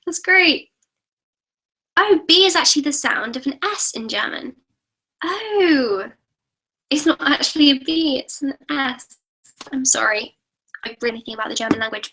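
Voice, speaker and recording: Bubbly high-voiced teenage girl. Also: bright, forceful tone, low-quality recording. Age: teens. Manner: chatty, apologetic, bubbly. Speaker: YouTube host. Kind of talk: live-stream Q&A, reading out viewer comments.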